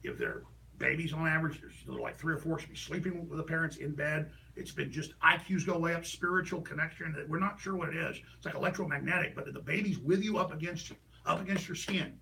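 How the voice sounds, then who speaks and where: A man delivering an impassioned, ranting political monologue as a talk show host, heated and rapid with sudden bursts of shouting. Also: a little high, vocal fry, distant mic, poor audio.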